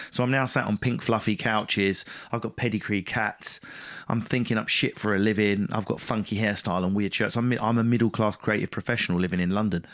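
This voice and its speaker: On a podcast, a stand-up comedian tells his own story in a lowish voice with a fairly bright tone. His talk is casual, blunt, and self-mocking, and he swears freely.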